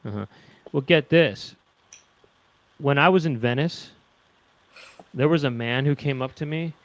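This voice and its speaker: A man co-hosting a chat show, telling absurd stories in a deadpan way. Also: mid-range voice, measured pace, no echo. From Los Angeles. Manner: deadpan absurd storytelling, acts out quoted voices. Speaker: co-host.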